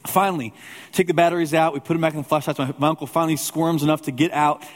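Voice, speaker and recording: A man's voice: fairly high pitch, fairly even intonation, quick pace. Storytelling male pastor in a reverberant hall. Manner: conversational storyteller with humorous asides. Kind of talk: sermon with a personal story. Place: church sanctuary with a congregation.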